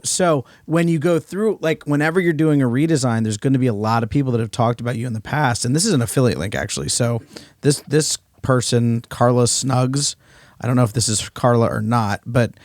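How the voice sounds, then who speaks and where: A man co-hosting a business podcast, talking things through over a video call while he shares his screen. His voice is gravelly and a bit rough today, and the sound is dry and close, with no room around it. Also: mid-range voice, animated, a little fast, darkish tone, no room sound. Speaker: podcast co-host. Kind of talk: casual business podcast discussion.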